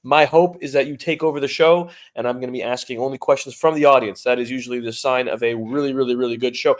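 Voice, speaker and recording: A man's voice: mid-range voice, steady tone, fast talker, few pauses. A man hosting a casual live-stream talk show, bantering in an upbeat, jokey, self-deprecating way. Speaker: host.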